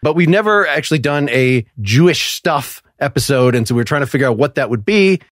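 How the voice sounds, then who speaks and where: A man's voice: medium pitch, lively intonation, a little fast, no echo, studio quality. A man hosting a casual panel podcast, joking, loose and self-deprecating. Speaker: podcast host.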